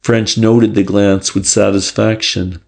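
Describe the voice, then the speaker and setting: A man narrating an audiobook in a measured, even storytelling manner. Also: on the low side, gravelly. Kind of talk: scripted narration.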